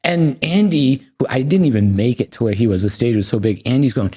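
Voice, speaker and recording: An American man guesting on a podcast tells stories in loose, profane talk, acting out the quotes with real animation. His voice sits in the mid range and moves fairly quickly with few pauses and a slightly rough texture.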